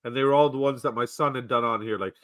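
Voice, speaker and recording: Joking man with a bright voice. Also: mid-range voice, quick pace. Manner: self-deprecating, joking. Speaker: podcast guest. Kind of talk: casual chat.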